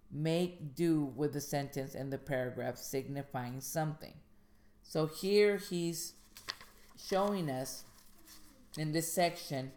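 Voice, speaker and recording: A woman hosting a podcast on writing craft, reading aloud from a guide in a measured way and then talking it over loosely, with fillers and restarts. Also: sits low, a little mellow. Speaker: podcast host and indie author.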